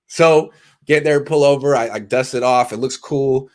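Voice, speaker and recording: A man telling a casual, animated, self-deprecating story to camera, stumbling and restarting often. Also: fairly high pitch, normal speed. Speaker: sports insider and vlogger.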